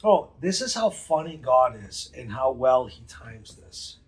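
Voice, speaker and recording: A man, telling a story as a podcast guest in a profane, emphatic, rapid way. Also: medium pitch, big pitch swings. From New England. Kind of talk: casual storytelling.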